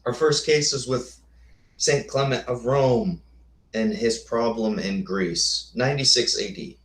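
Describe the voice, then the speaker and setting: A man's voice: medium pitch, a little slow. A man hosting a casual lecture with slides, thinking aloud with rhetorical questions and answering viewers' comments. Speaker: host. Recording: echoey room.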